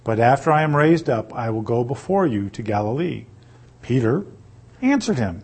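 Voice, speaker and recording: A man reading scripture aloud and teaching on it, pausing to ask his listeners rhetorical questions. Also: mid-range voice, darkish tone, husky. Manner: reads slowly, then explains with rhetorical questions. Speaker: Bible teacher.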